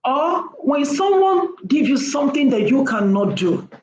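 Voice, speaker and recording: A woman's voice: sits high, very animated, a little slow, a little mellow, reverberant, slight background noise, poor audio. A woman talking casually to camera as a vlogger, emphatic and repeating her points for stress.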